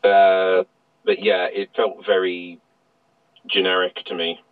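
Low-voiced man, rambling. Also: flat delivery, clear, resonant tone, no echo. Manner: rambling, halting, opinionated. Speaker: podcast panelist. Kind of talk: casual panel chat. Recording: dull, dry lo-fi mic.

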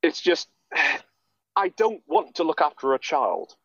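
Sardonic man, lively voice. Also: on the high side, slow, creaky, no echo, dull audio. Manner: sardonic, swears, mimics characters in a ranting tone. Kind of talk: casual chat.

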